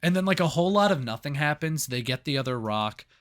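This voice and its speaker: A man co-hosting a casual podcast movie review, swearing freely and retelling scenes in an animated way. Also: a little high, quick pace. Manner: profane, animated retelling with acted-out quotes. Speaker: podcast co-host.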